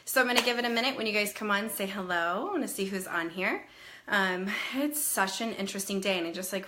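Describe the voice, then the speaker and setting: A woman in her thirties chats casually on a live stream and greets viewers one by one by name. Her voice is bright and forward, and it is a little nasal and breathless from a passing cold. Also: mid-range voice, fast talker, slight background noise.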